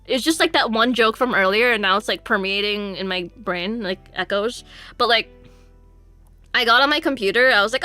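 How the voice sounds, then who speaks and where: A woman's voice: medium pitch, a little fast, pushed and bright, faint music behind. A young woman streaming a game who chats casually in a rambling, giggly way full of fillers. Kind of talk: casual chat while playing a game.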